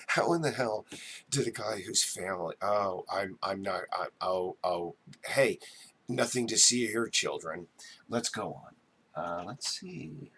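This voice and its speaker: A man's voice: low-pitched, animated, slow pace, a bit bright, slight background noise. A man from New Jersey hosting a casual live chat, rambling and stammering as he answers viewers. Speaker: livestream host.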